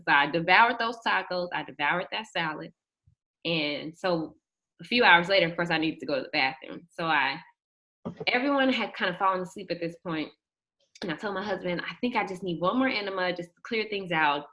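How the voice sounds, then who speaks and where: A young woman telling a personal story in an animated way, acting out the quotes and shrieking at the high points. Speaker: guest telling her birth story.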